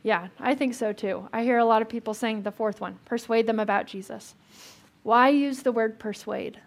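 Speaking at a moderate pace in a slightly higher-than-average, creaky voice, a woman pastor gives a relaxed, conversational sermon. She poses questions to her listeners and works in small jokes.

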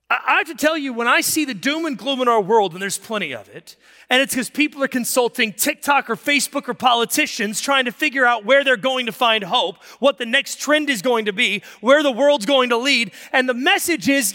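High, bright-voiced man preaching in a reverberant hall. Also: brisk. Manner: conversational and digressive, with sudden emphatic rises. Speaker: pastor. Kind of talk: sermon. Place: church sanctuary.

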